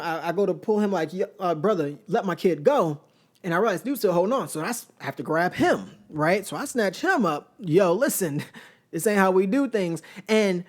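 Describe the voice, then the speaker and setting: A man in his thirties hosting a podcast, telling a personal story in an animated, conversational way and often checking in with listeners. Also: sits high. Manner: animated, conversational, addresses listeners directly with "right?". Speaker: podcast host. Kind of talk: storytelling monologue.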